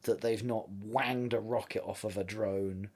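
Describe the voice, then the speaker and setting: A man's voice: lowish voice, measured pace, slightly rough. A man co-hosting a podcast, chatting casually and animatedly as he recaps a TV episode, laughing often. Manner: animated, laughing, loud acted-out quotes. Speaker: podcast co-host.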